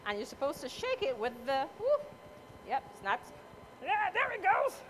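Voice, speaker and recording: A woman with a high voice talks her way through a live cooking demonstration, playful and motherly as she chats with the audience and judges. She is picked up by a mic at some distance, with faint noise behind her. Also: big pitch swings, normal speed. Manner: chatty, motherly, playful asides. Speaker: cooking competitor. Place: cooking competition event space.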